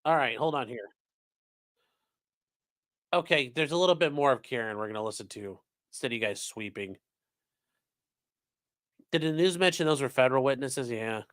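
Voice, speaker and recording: A man's voice: mid-range voice, animated, moderate pace, pauses often, a bit bright. A man hosting a casual live stream, reacting to news clips with sarcastic, rambling remarks and reading viewer chat aloud.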